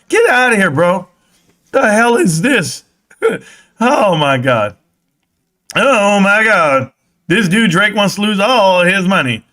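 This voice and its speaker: A young man hosting a live stream, talking excitedly, reading chat and yelling at times, sweaty and winded. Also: high-pitched. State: sweating in a helmet. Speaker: livestream host.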